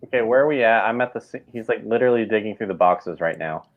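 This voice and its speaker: A man with a low-set voice chats casually while watching a movie with friends online. He rambles a bit and fills his sentences with "like". The audio is dull and lo-fi, like an online call. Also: fast talker, a crowd in the background. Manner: rambling, laid-back, lots of fillers. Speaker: watchalong participant. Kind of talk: casual group chat over a movie.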